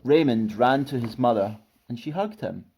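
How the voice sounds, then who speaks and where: A man reading a children's story aloud, expressive and animated. His voice is mellow and dark, swinging widely in pitch. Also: moderate pace, slightly rough. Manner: expressive, lively narration.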